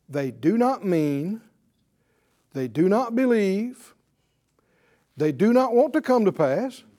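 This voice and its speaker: A male preacher giving a sermon, asking questions, quoting scripture and chuckling between points. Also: sits high. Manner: animated, asks the congregation questions, quotes scripture.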